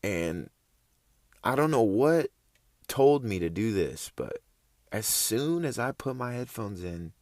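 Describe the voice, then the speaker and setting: A man's voice: lowish voice, sing-song, slow pace, long pauses, darkish tone, no room sound, studio quality. A young man casually telling a story, laid-back and slangy, rambling along with loose phrasing.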